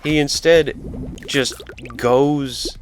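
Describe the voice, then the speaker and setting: This let's play commentator talks very slowly in a fairly high, fairly even voice, with slight background noise behind him. While playing a video game, he wanders through a rambling, casual story and keeps breaking off to respond to the game.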